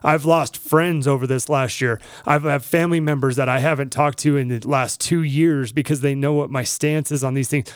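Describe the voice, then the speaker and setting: A man's voice: medium pitch, steady tone, moderate pace, hardly any pauses, dry recording, studio quality. A man co-hosting a podcast, talking in a heated, emphatic and profane way. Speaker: podcast co-host. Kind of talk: casual podcast chat.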